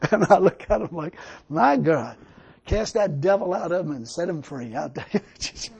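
A man's voice: high-pitched, darkish tone, breathy edge. A male preacher giving a sermon, telling stories emphatically and laughing often.

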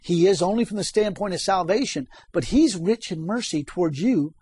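Male preacher, high and husky, emphatic, asks the congregation questions, dry close sound. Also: expressive, normal speed, a little mellow, dry recording. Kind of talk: sermon.

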